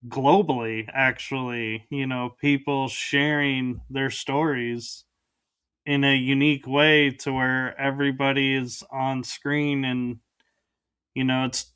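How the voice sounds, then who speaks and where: Male host on a video call, smooth and clear, slow and halting delivery. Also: mid-range voice, little pitch movement, fairly bright tone. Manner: hesitant, unhurried. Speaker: show host. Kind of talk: casual video-call interview.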